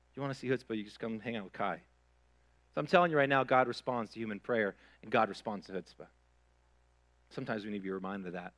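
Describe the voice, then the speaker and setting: A man preaching a sermon, telling stories with dramatic swings from hushed to loud. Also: medium pitch. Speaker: pastor.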